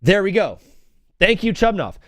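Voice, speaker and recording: A man's voice: high-pitched, sing-song, normal speed, a bit bright, no room sound, studio quality. A young man hosting a live stream from home, rambling through stories and chanting old cheers. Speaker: host. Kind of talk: casual live-stream chat.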